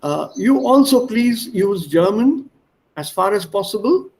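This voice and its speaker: A man's voice: sits high, expressive, a little slow, a little mellow, rough recording. A man teaching an online class over a video call, repeating and spelling words and coaxing his students to speak. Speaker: language teacher.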